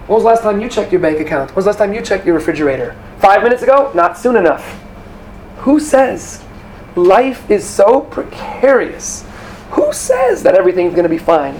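A man giving an animated Torah class, asking rhetorical questions and using Hebrew terms. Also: high voice, normal speed, a little hiss or hum. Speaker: Torah teacher.

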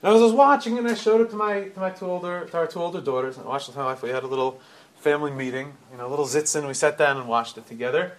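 A man's voice: on the high side, racing. A middle-aged man giving a storytelling sermon, retelling events animatedly with frequent restarts and repeated words.

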